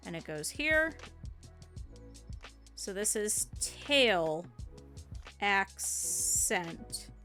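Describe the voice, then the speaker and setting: Casual woman streamer, crisp bright tone, talks chat through craft steps over faint music. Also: fairly high pitch. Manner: chatty, explains as she works, talks to chat. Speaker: streamer teaching plush sewing. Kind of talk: casual step-by-step craft tutorial.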